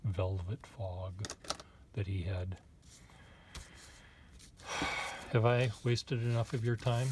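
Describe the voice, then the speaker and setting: Give me a man with a lowish voice, rambling and hesitant as he chats while drawing at his desk, with faint pen scratching behind him. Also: takes it slowly, pauses often, background noise. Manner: rambling, hesitant, wry asides to viewer. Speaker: artist reviewing pens. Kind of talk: casual chat while drawing.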